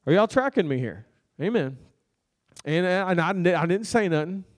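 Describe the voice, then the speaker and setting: A man preaching with a slightly higher voice than most men. He tells a personal story loosely and conversationally, laughing often and asking the congregation for an amen. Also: animated, moderate pace. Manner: conversational storytelling with laughs and crowd call-outs. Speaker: pastor. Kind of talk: sermon.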